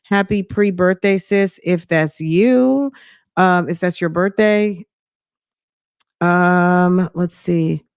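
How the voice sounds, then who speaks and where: A woman's voice: on the low side, takes it slowly, smooth, dry recording, studio quality. A woman hosting a reaction commentary stream, chatty and sassy, addressing viewers as sis.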